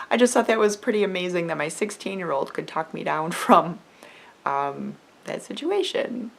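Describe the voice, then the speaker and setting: A woman's voice: medium pitch, lively intonation, normal speed, vocal fry, a bit bright. Chatty middle-aged woman vlogging. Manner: chatty and earnest, with many fillers and acted-out quotes. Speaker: homeschool mom vlogger. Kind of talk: casual talk to camera.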